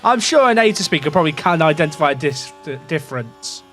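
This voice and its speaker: A man's voice: a little high, very animated, fast talker, fairly bright tone, soft background music. A young English man casually commentating a racing management game, rambling and questioning himself as he talks to his chat. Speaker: gaming streamer.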